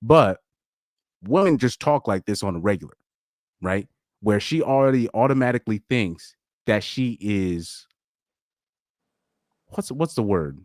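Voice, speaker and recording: A man hosting a casual live stream chat, talking in an animated, rambling way, with frequent laughs and repeated words. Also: on the low side, unhurried, pauses often, no echo, clean studio sound. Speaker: podcast host.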